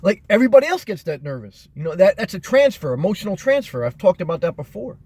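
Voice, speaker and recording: A man in an earnest, measured motivational monologue, often circling back with fillers and repeated phrases. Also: high voice, sing-song, darkish tone, husky. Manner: earnest, repetitive, measured delivery with many fillers. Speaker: motivational vlogger.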